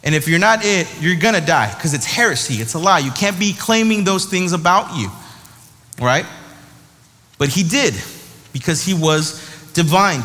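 A man giving a sermon in a lively, conversational way, often tossing in "right?" to his listeners. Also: fairly high pitch. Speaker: preacher. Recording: long hall reverb.

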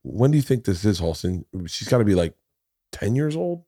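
A man's voice: on the low side, sing-song, moderate pace, mellow, no room sound, studio quality. A man in his forties hosting a podcast, telling a personal story in a blunt, profane, emotional way. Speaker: podcast host. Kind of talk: casual storytelling conversation.

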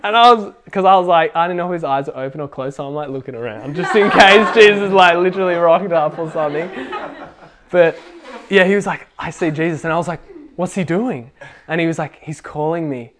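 A young man telling a faith testimony at a casual youth gathering, excitable and full of fillers. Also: a little high, a little fast. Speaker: youth group speaker.

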